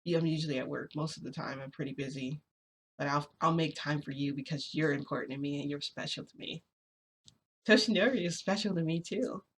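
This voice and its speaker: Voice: mid-range voice, fairly quick, slightly rough. A vlogger talking casually to viewers, rambling and confessional, with many fillers and restarts. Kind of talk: casual vlog chat, venting.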